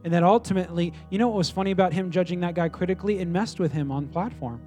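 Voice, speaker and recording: A pastor preaching a sermon, telling a story with lively acted-out dialogue. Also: male voice, high voice, fast talker, faint music behind. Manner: animated storytelling, voices quoted people.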